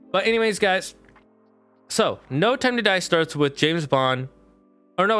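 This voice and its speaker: A man talks casually to his live-stream audience. His voice is clean and resonant and sits at an ordinary pitch. He rambles through an animated plot recap full of fillers, with faint music playing underneath. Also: smooth.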